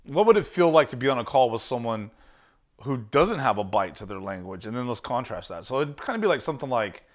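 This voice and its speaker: A man's voice: mid-range voice, sing-song, a little fast. A man teaching sales in an emphatic, punchy monologue. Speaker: sales coach.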